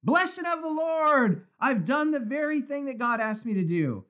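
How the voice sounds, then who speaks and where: A man's voice: extremely high pitch, big pitch swings, measured pace, fairly bright tone, voice pushed up, full character voice. A man voicing an ancient king who insists he has obeyed, protesting in a raised voice. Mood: insistent. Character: self-justifying ancient king, insistent and evasive.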